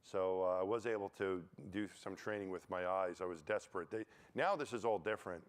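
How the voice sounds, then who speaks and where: A man on a conference panel telling casual, animated stories and acting out what others said to him. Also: sits low, a little fast. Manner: animated anecdotes, acts out quoted voices. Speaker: panel speaker, former astronaut. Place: conference stage.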